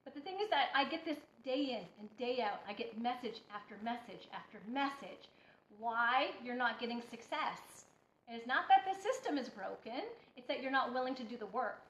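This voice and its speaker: A woman's voice: fairly high pitch, lively intonation, normal speed, fairly bright tone, a little hiss or hum. Blunt, preachy woman in an echoey room. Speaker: healthy-eating coach. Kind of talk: motivational talk to camera. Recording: echoey room, dull lo-fi sound.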